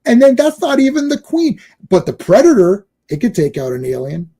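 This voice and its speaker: A man talking excitedly about a film in a casual podcast chat, quoting and acting out its scenes. His voice sits high for a man and sounds husky and mellow. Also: moderate pace. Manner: excited, acts out film lines. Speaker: podcast host. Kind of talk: casual movie discussion.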